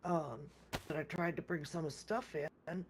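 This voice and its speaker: A gamer telling a long story about a game session in an easy, casual way. The talk rambles and often restarts, with repeated words. Others' lines are acted out in quoted speech, and the voice sits at an average pitch. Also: fairly even intonation, moderate pace, slight background noise.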